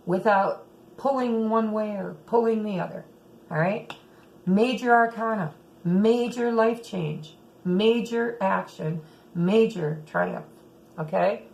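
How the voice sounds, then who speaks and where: A middle-aged woman giving a chatty tarot reading, often checking in with "okay", her throat a little rough. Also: medium pitch, a little mellow, rough recording. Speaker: tarot reader. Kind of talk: casual tarot reading monologue.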